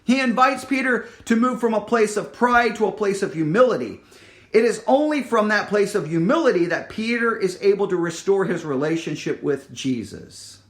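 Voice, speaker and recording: A man preaching a sermon, reading scripture aloud and retelling it with dramatic pauses, repeated words and sudden drops to a near-whisper. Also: high-pitched, expressive.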